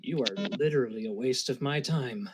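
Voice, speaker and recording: A man playing a tabletop game, talking in character in a gruff, scornful way. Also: medium pitch, a little fast, noisy background. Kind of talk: in-character role-play.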